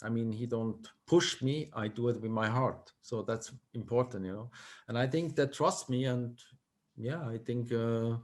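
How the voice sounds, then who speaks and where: Swiss German man in halting English. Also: medium pitch, fairly even intonation. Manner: halting non-native English, searching for words. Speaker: guest, tightrope walker. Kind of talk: casual interview.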